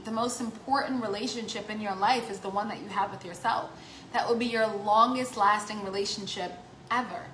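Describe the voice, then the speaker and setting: A woman life coach talking casually to the camera, animated, acting out voices in the quotes she gives. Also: on the high side, roomy sound, slight background noise, rough recording. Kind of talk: casual vlog talk.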